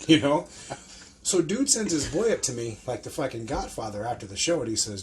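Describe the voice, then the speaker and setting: A man hosting a podcast, swapping wrestling stories in a casual, profane, animated way and acting out what people said. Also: fairly low pitch, fast talker, background noise. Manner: profane, animated storyteller who acts out quotes. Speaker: podcast host and pro wrestler. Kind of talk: casual storytelling chat.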